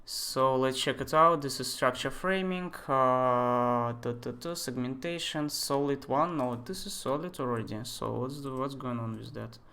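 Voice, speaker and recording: Young guy in his 20s, english not his first language, bright voice, talks through a live software tutorial and chats with viewers. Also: medium pitch, unhurried. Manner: thinks aloud, chatty asides, answers chat questions. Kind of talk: live screen-share tutorial.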